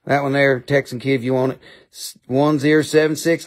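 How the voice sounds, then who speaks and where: This live-stream rock seller talks briskly in an Appalachian accent, his medium-pitched voice keeping a level tone. He jokes around, rambles casually, and slips into playful funny voices.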